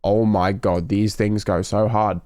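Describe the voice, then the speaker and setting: A man's voice: on the low side, level tone, measured pace, a little mellow, clean tone, dry recording, studio quality. A young man with an English accent, chatting casually on a livestream and joking with his viewers. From United Kingdom. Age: young adult. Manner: laughing, joking banter with chat. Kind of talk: casual live-stream chat.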